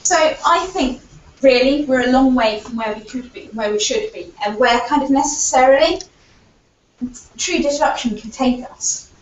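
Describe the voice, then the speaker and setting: A woman with a high-sitting voice presents earnestly at a conference in a lecture hall, moving at a moderate pace and leaning on fillers as she argues her points, her voice still recovering. The audio is lo-fi, dull, distant, and echoey.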